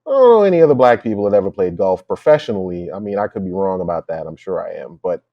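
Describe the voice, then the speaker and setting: A man with a fairly low voice, co-hosting a casual podcast in a dry, close-sounding space. He muses aloud in a reflective, wandering way, leaning on fillers as he works out his point. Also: expressive, fast talker, no room sound, dull audio. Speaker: podcast co-host.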